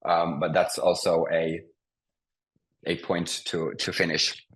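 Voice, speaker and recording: A man teaching a language class over a video call, speaking patiently with many pauses and restarts. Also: deep voice, monotone, fairly bright tone, rough recording. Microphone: computer mic on a video call.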